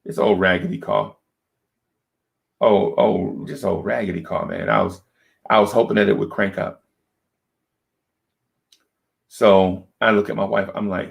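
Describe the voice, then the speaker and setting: A man with a low, gravelly voice telling a personal story on a podcast. He talks casually and keeps checking in with his listeners as he goes. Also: measured pace, long pauses. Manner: conversational, checks in with "right?". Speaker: podcast co-host.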